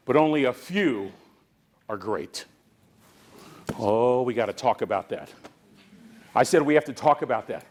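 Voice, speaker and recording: A man's voice: medium pitch, expressive, moderate pace, pauses often. A man from the San Francisco Bay Area giving a motivational keynote to a live conference audience, preaching with call-and-response. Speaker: motivational speaker.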